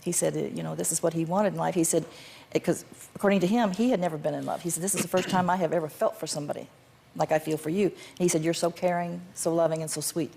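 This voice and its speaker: An older woman with a gravelly, fry-touched voice, talking quickly as a talk show guest. She answers firmly and emphatically, and her pitch sits a little low. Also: steady tone, a little mellow, slight background noise. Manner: firm, emphatic, devoted. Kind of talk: being interviewed on a talk show.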